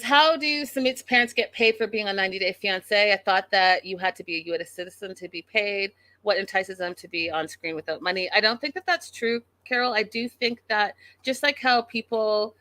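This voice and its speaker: A woman's voice: medium pitch, fairly bright tone, dry recording. A woman hosting a casual live recap show, chatting and reading viewer comments with exasperation. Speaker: podcast host recapping a reality show.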